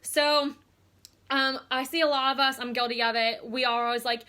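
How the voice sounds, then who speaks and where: A woman's voice: high voice, fairly even intonation, normal speed, sharp tone. A young adult woman giving a casual, chatty training talk to her team, upbeat and full of fillers. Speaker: team leader.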